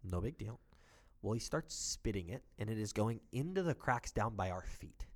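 Animated storytelling man, swearing freely. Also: on the low side, moderate pace. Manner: animated, swearing, acts out quotes of others. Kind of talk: casual storytelling chat.

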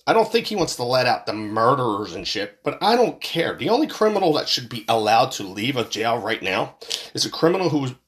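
A man's voice: mid-range voice, big pitch swings, brisk, fairly bright tone. Man, from Philadelphia, heated, swearing, repetitive ranting monologue. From Philadelphia, USA. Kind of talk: angry political rant.

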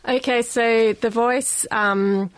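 A woman's voice: a little high, fairly even intonation, slow pace, no room sound. A woman with an Australian accent, a guest on a radio science show, explaining carefully with many ums. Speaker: guest linguist.

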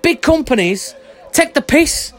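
In a high, expressive and slightly slow voice, a vlogger rants angrily in a monologue. The delivery is blunt and heated, with constant swearing, and the speaker is worked up and sweating.

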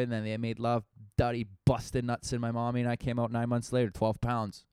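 A man's voice: medium pitch, flat delivery, fast talker, few pauses, a little mellow, clean tone, dry recording, studio quality. A young man, a comedian, rambling through a profane, casual podcast monologue full of fillers.

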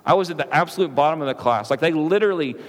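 High-voiced male pastor in echoey hall. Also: lively intonation, racing. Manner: conversational, frequent "right?" asides and restarts. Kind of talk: sermon. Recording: echoey hall with long reverb.

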